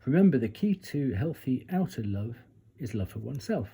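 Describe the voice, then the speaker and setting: A man's voice: medium pitch, sing-song, normal speed, creaky, mellow, husky. A man doing a casual tarot reading, reading passages aloud from a guidebook and breaking off for chatty asides and retakes. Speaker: tarot reader.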